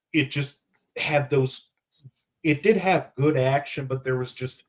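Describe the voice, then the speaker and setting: A man's voice: medium pitch, darkish tone, poor audio. A man, a guest on a casual film review podcast, who speaks reflectively and fills his sentences with "like" and "just". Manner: thoughtful and reflective, with many fillers of "like" and "just".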